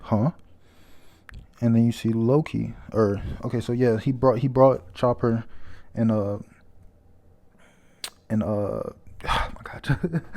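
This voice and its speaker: A man's voice: medium pitch, a little mellow. A man casually reading through a comic chapter aloud, chatty and stumbling over names, often laughing. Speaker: comic reader and reviewer.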